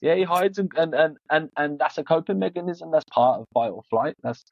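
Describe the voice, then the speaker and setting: A man's voice: on the high side, brisk, creaky, no echo. A man, a podcast guest, talking frankly and casually, often repeating words as he restarts. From Iran. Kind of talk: casual interview chat. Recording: dull, dry, lo-fi sound.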